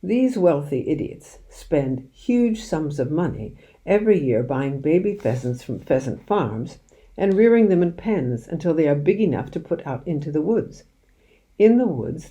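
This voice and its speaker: A woman reading aloud, voicing a lively, mischievous village father who loves poaching and shares his secrets. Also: low-pitched. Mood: scornful. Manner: animated, conspiratorial, drops to hushed secrecy.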